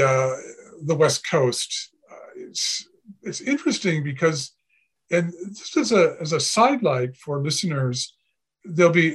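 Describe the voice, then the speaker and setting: A man's voice: on the high side, husky. A man from Canada, a podcast guest, talking in a rambling, anecdotal way with many fillers. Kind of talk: casual podcast chat.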